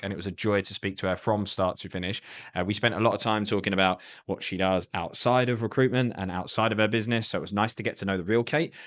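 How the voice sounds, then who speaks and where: A man's voice: on the low side, fairly bright tone. A man hosting a podcast, introducing his guest with enthusiasm and a self-deprecating aside. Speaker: podcast host. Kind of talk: scripted podcast intro, then casual chat.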